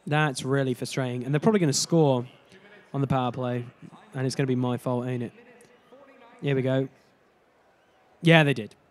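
A man's voice: mid-range voice, little pitch movement, brisk, darkish tone. A man giving casual let's-play commentary over his hockey game, often exasperated and exclaiming at what happens. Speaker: gaming YouTuber.

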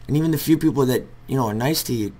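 A young man vlogging over gameplay at his computer, talking in a rambling, hesitant way and bursting into loud cursing now and then. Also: mid-range voice, rapid-fire. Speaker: gaming vlogger. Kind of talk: casual heartfelt talk over gameplay.

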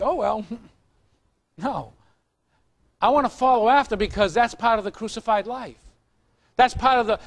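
High-voiced joking pastor preaching. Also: male voice, fairly bright tone. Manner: chatty, joking, teasing the congregation. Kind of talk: sermon. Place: church. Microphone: recorded on tape in the room.

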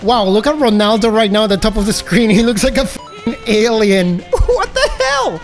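A man giving excitable gameplay commentary as a gaming YouTuber, breaking into high yelps and laughter. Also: normal speed, soft background music.

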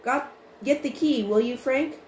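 A woman voicing an eager teenage boy detective who talks in a lively, friendly way, in a roomy recording with faint noise. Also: sits high, unhurried, pitched above the performer's own voice.

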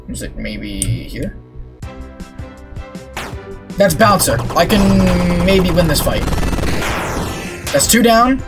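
A young man gives let's play commentary over game music, his pitch leaping around as he reacts. He talks to himself, groans at mistakes and swears at the game. His delivery is excitable and unscripted. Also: takes it slowly, long pauses. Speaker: gaming YouTuber.

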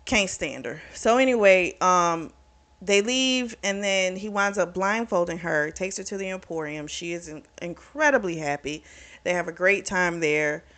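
Chatty woman recapping a book, low-pitched. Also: a little slow, fairly bright tone. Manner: chatty, retells scenes with lots of fillers. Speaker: book reviewer. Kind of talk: casual plot recap.

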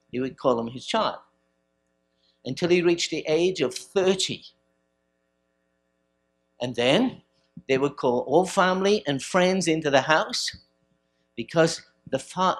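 A man preaching a sermon at a church service, swinging from forceful bursts to quiet stretches. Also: fairly high pitch. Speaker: pastor.

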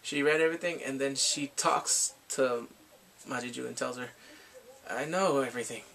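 Excitable gravelly man recapping a drama. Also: mid-range voice, normal speed. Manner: excitable, animated, laughs often and acts out reactions. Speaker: drama reviewer. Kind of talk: casual recap and review.

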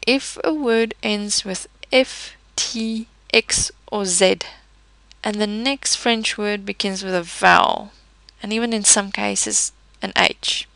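A woman teaching a French pronunciation lesson in a patient, methodical way, slowing down to model each word. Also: mid-range voice, vocal fry, a bit bright, dry recording. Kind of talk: explanatory language lesson.

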